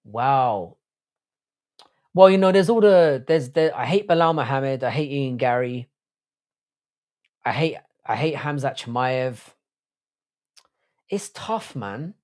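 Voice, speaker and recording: A man's voice: medium pitch, animated, slow pace, pauses often, a little mellow. Man, livestream host, casual, rambling, sweary, lots of restarts. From Ireland. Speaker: podcast host.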